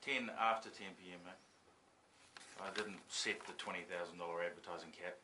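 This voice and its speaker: An actor with a New Zealand accent playing a resigned, dry-spoken campaign manager. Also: male voice, low voice, fairly even intonation, fairly quick, pushed and bright. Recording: echoey room, distant noisy mic.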